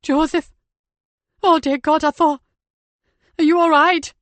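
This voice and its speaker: A woman's voice: a little high, fairly even intonation, normal speed, no echo, pitched above the performer's own voice, natural voice. A woman narrator voicing a frantic, caring female police detective in an audiobook, urgent and scolding by turns. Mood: panicked.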